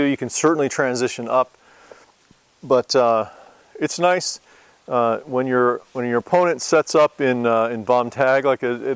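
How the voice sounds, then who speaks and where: Relaxed man talking through sword guards. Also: medium pitch, smooth, no echo. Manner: relaxed and hesitant, with many fillers. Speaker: sword instructor. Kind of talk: casual demonstration lesson.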